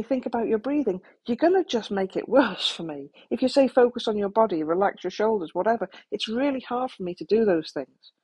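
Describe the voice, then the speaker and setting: This woman's voice is mid-range, husky, and darkish in tone. She addresses the listener frankly about handling trauma, offering practical advice mixed with occasional jokes at her own expense.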